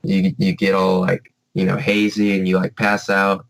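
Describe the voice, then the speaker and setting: Low-voiced, rambling podcast co-host man. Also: monotone, normal speed, creaky, poor audio. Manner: rambling, many fillers like "like" and "you know". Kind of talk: casual chat.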